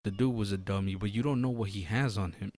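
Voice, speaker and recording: Male co-host, lowish pitch, dry close sound, animated and profane, acts out scenes. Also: quick pace, no room sound. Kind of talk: casual podcast chat.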